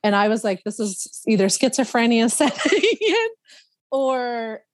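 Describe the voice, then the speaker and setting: A woman, a podcast guest, telling a personal story in a casual, animated way, laughing often and imitating other people's voices. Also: on the high side, unhurried, dry recording.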